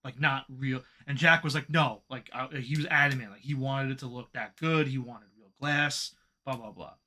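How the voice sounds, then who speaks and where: Bright-voiced man in casual podcast chat. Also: medium pitch, moderate pace. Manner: animated, swearing, venting frustration. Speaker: podcast co-host.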